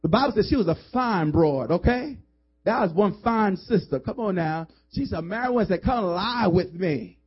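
A male pastor with a high voice preaches in a church, pressing his points with emphatic calls and casual, joking asides. The recording is dull and lo-fi. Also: lively intonation, moderate pace, breathy edge. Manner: emphatic, call-and-response urging. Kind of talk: sermon. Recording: dull lo-fi sermon audio.

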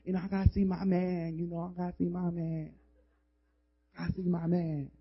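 A breezy young college woman, eager and a little defensive, chattering and repeating herself, as a preacher puts her on. The voice is husky and sits fairly high, on a dull lo-fi recording. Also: little pitch movement, normal speed.

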